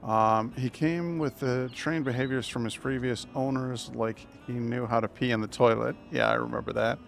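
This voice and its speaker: A man's voice: mid-range voice, fairly even intonation, moderate pace, vocal fry, soft background music. A man streaming a game live, chatting casually and telling stories with frequent restarts. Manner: rambling, warm storytelling with frequent restarts.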